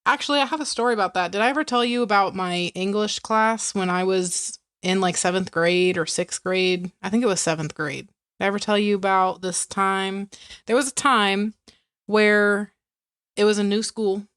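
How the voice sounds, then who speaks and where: A woman's voice: medium pitch, normal speed, fairly bright tone, clear, resonant tone, dry recording. Woman, Southern accent, casual podcast co-host, storyteller, dry close mic. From American South. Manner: chatty storyteller, laughs often. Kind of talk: casual chat.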